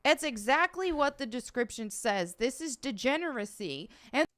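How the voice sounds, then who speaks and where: A woman delivering a scripted video commentary in a flat, monotone way. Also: high-pitched, normal speed. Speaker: online commentator in a clip.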